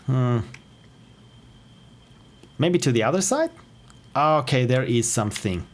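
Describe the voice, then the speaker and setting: Austrian guy streaming games, talks to himself, wondering what to do next, medium pitched voice, headphones on. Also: lively intonation, takes it slowly, slight background noise. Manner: thinks aloud, curious, self-questioning. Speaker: streamer playing indie games. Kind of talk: live gameplay commentary. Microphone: wearing headphones.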